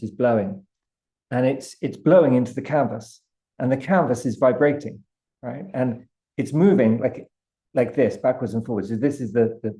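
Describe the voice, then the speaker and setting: A man with a British accent, a guest artist telling a vivid, animated story with frequent restarts. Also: mid-range voice. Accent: British English. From Britain. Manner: vivid, building anecdote with many restarts.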